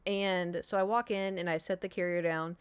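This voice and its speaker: A woman's voice: on the low side, steady tone, normal speed, clean tone, no echo. A young woman streamer telling a long personal story in casual chat, rambling with many fillers and restarts.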